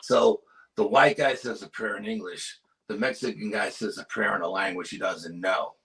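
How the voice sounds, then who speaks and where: A man, a paranormal researcher appearing as a guest, telling a story in casual chat with urgent energy and dropping to hushed tones for suspense. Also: fairly low pitch, fairly even intonation, normal speed, creaky, poor audio.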